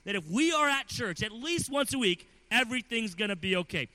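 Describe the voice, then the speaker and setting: A man in his thirties preaching a sermon, earnest and building from quiet passages to loud emphasis. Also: high voice, lively intonation, brisk, dry recording, low-quality recording. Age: 30s.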